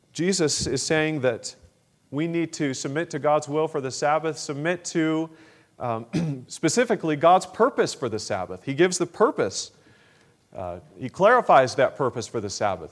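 Male preacher, a little high-pitched, measured sermon delivery full of fillers. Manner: measured, with frequent fillers and throat clearing.

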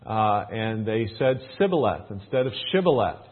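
Husky-voiced man reading and explaining scripture. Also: lowish voice, normal speed. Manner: reads scripture louder and more raised, explains in a relaxed folksy way with fillers. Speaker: preacher teaching a Bible passage. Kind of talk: reading scripture aloud, then explaining it in plain talk. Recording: tinny phone-like sound.

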